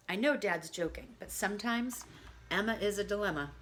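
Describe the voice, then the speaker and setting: A woman reading a picture book of poems aloud to children, expressive and adding chatty asides to her listeners. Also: mid-range voice, brisk, a little hiss or hum. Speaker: reader.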